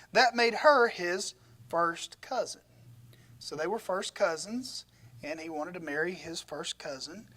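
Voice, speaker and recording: A man's voice: high voice, sharp tone. A man preaching a conversational sermon, retelling a story with animation and folksy humorous asides. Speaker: pastor.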